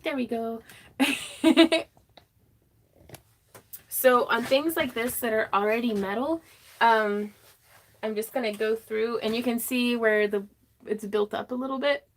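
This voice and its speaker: A woman's voice: on the high side, fairly even intonation, a little slow, pauses often, slight background noise. Chatty woman hosting a craft livestream. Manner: chatty, laughs often, reads chat comments aloud. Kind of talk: casual livestream chat. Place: home craft room.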